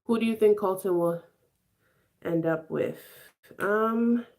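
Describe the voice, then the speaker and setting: A young Chicago woman in her twenties speaks in a slow, medium-pitched, slightly mellow voice. She's a vlogger live streaming her makeup routine, chatting casually, laughing often, and reading and answering viewers' comments.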